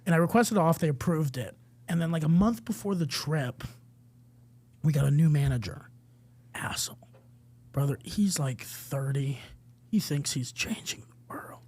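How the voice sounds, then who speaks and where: A man's voice: on the high side, normal speed, long pauses, husky. A young man co-hosting a podcast, telling stories with lots of swearing and acted-out quotes. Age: young adult. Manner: animated storyteller, swears freely, acts out quoted voices. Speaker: podcast co-host. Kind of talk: casual storytelling chat.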